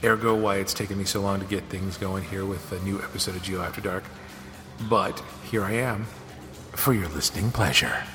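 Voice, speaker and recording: Man with a low voice, echoey podcast. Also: brisk. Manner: animated, acts out quoted dialogue. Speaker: podcast host. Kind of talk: casual storytelling monologue. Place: home office studio. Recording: long reverb with music behind.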